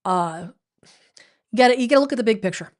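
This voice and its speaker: A woman's voice: a little high, animated, fast talker. A woman hosting her weekly livestream, talking casually and rambling a little as she answers viewers' comments. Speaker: livestream host.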